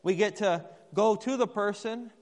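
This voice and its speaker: Conversational male preacher with a high voice, recorded with long hall reverb in a church. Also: moderate pace, darkish tone. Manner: conversational, asks the congregation questions. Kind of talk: sermon.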